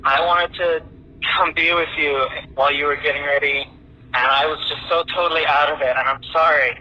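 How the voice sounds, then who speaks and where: A man's voice: fairly high pitch, steady tone, normal speed, lo-fi sound, slight background noise, natural voice. A man playing an obsessive lovesick man who rambles and swears through frantic voicemails. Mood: pleading. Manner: rambling, swearing, swings between pleading and unhinged. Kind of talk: played voicemail recording.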